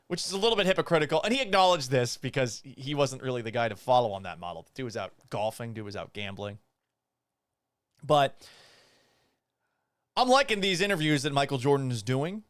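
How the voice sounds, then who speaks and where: A man in his thirties hosting a casual sports talk show, animated and blunt, often swearing. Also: medium pitch, brisk, dry recording, studio quality. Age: 30s.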